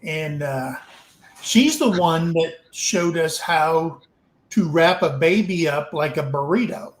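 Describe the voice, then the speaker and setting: A man's voice: on the high side, slow, echoey room, poor audio. A man casually telling a frank, rambling story to a livestream audience, swearing now and then. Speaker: open mic storyteller.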